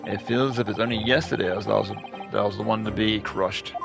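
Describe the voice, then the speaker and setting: A man's voice: fairly low pitch, fairly even intonation, a little fast, gravelly. A man reading the part of an anxious young defense lawyer, hesitant, over game music. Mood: uneasy.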